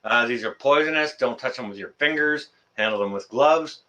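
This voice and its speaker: Bright-voiced joking man. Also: mid-range voice, normal speed, muffled recording. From Canada. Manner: joking, teasing banter. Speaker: channel host. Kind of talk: casual live-stream chat.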